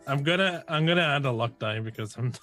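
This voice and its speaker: A man's voice: medium pitch, lively intonation, quick pace, loud music behind the voice. A man playing in a tabletop game, hesitant and bargaining over his dice rolls. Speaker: player. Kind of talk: casual tabletop chat.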